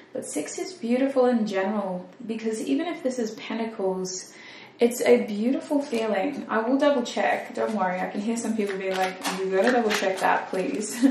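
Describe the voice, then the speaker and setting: A woman's voice: medium pitch, vocal fry, a little mellow, distant mic. A woman giving a casual, chatty tarot reading, thinking aloud and poking fun at herself. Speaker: tarot reader. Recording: roomy echo, mic set back, faint noise.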